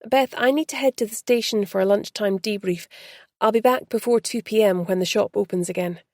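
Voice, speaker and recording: Woman reading a tense young lady cop, low uneasy voice, kinda gravelly. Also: brisk, darkish tone, dry recording, clean studio sound, lightly acted. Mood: brisk.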